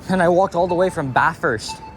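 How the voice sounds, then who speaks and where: A man's voice: a little high, fairly quick, fairly bright tone. Rambling man walking a city street. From Canada. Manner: rambling, filler-heavy, casual swearing. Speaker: walking vlogger. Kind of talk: casual walking commentary. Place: city street outdoors at dawn. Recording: faint street noise outdoors.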